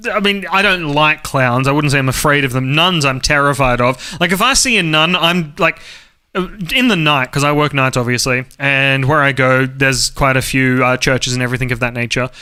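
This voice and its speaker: A man's voice: medium pitch, normal speed, pushed and bright, clear, resonant tone. A man with an Australian accent co-hosting a podcast livestream, joking and rambling with lots of fillers. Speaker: podcast co-host. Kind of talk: casual chat on a livestream.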